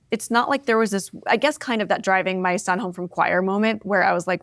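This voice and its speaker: A woman in her forties, an interview guest, telling candid personal stories in an expressive, reflective way, often adding "like" and "right?". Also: a little high, fast talker, hardly any pauses, dry recording. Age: 40s. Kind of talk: candid conversational storytelling.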